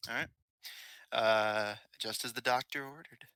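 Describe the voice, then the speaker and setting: A man's voice: mid-range voice, unhurried, pushed and bright, clear, resonant tone, dry recording, low-quality recording. A man running an online tabletop game as game master, chatty and laughing between lines, full of uhs.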